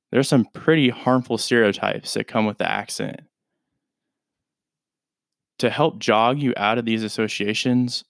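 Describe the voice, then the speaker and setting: A man's voice: on the low side, clean tone, no room sound, studio quality. A man hosting a casual podcast that teaches English, explaining things in a laid-back, chatty, informal way.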